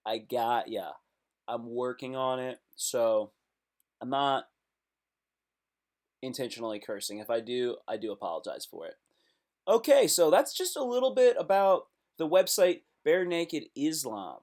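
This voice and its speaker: A man's voice: medium pitch, very animated, a little slow, darkish tone. A man hosting a casual live stream, reacting aloud to web posts in a loose, slangy way.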